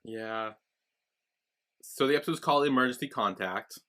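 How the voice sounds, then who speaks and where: Bright-voiced man co-hosting a recap podcast. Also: moderate pace. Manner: retells scenes plot-style, quoting characters in a lowered voice. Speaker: podcast co-host. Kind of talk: casual recap chat.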